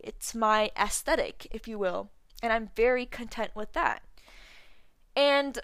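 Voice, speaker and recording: A woman's voice: fairly high pitch, a bit bright, no room sound. A twenty-one-year-old woman hosting a solo podcast, chatting casually with a slight lisp and lots of fillers. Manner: chatty, lots of likes and ums. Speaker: podcast host.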